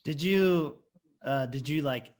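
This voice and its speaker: A man's voice: fairly high pitch, takes it slowly, a little mellow. Man co-hosting a casual podcast. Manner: asks questions and affirms. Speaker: podcast co-host.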